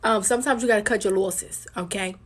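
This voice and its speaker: A woman's voice: medium pitch, a little fast, slightly rough. Blunt, cursing woman fighting a cough. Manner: blunt, profane, emphatic, repeats her points. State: holding back a cough, sore throat. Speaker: live-streaming card reader. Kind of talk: casual live stream talk to viewers.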